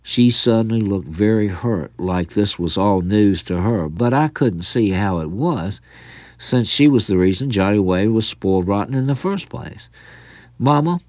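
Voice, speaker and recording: Low-voiced man telling a story. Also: lively intonation, normal speed, darkish tone, no room sound, studio quality. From American South. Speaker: author reading his story. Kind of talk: storytelling narration.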